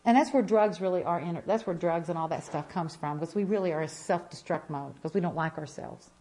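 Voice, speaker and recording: A woman's voice: on the low side, a little fast, warm tone. A woman in her fifties giving an impassioned church testimony, emphatic and repeating phrases as she tells her story.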